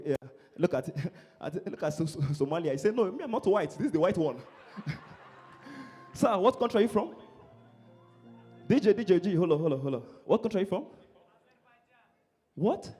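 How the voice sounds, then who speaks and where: A young Nigerian comedian with a Nigerian accent works a live crowd, bantering and poking fun at people. His high voice swoops up and down constantly. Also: animated, normal speed, long pauses, warm tone, slightly rough, soft background music. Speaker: stand-up comedian.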